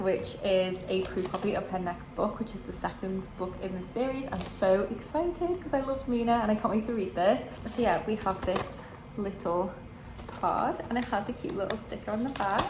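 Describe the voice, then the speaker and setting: A woman's voice: medium pitch, noisy background. A woman book vlogger chatting casually to camera, rambling a little and often saying "like". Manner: chatty, rambling, frequent "like" fillers. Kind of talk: casual vlog chat to camera. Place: indoors at a bookstore on a break.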